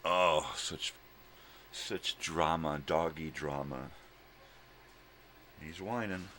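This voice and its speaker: Deep-voiced older man talking to his dogs. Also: drawn-out words, long pauses, noisy background. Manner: talks fondly to his dogs in baby talk, drops in simple Spanish words. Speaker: vlogger. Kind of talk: casual morning vlog. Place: at home.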